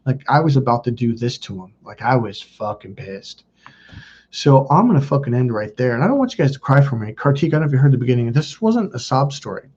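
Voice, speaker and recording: A man with a husky, mellow voice talks in a casual confessional way, blunt and full of swearing. The recording sounds dull and lo-fi. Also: mid-range voice, lively intonation. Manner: blunt and profane, quick asides. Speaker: self-help video host.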